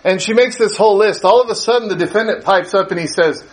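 A man's voice: high-pitched, fast, few pauses. A male pastor preaching a sermon, asking his listeners question after question and laughing as he tells stories. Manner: animated, rhetorical questions, laughs while telling stories.

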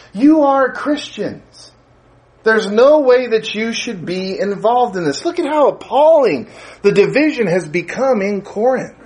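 Animated, high-voiced male preacher. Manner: animated, rhetorical questions, laughs while telling stories. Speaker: pastor. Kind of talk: sermon.

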